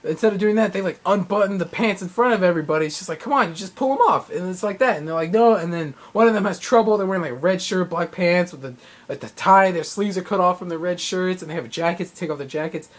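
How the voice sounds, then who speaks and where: A young man casually recapping a live event he attended, rambling and excitable, with lots of fillers and acted-out quotes. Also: sits high, quick pace. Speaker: vlogger.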